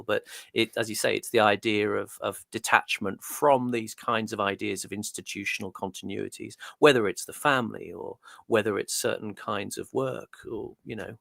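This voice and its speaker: A man's voice: lowish voice, creaky, a bit bright, no room sound, studio quality. A man as a guest, musing at length in thoughtful, rambling commentary with hesitant restarts. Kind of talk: conversational commentary.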